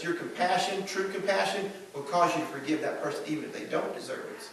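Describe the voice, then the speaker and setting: A man with a Southern American accent preaching a sermon as pastor, swinging between loud emphasis and hushed asides. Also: high voice, brisk, hardly any pauses. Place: church sanctuary. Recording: echoey church from far off.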